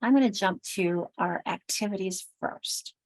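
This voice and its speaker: An American woman runs a teacher training workshop, pronouncing everything with crisp, deliberate care and demonstrating sounds aloud with lively emphasis. Her mid-range voice is close and dry with no room sound, though the audio quality is poor.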